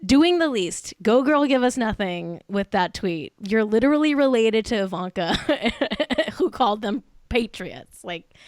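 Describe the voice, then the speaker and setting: Tipsy woman, podcast host, giggly and catty, swears a lot, fairly high voice, smooth and clear, dry sound. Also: no echo. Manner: giggly, profane, gleefully catty. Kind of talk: casual celebrity gossip chat.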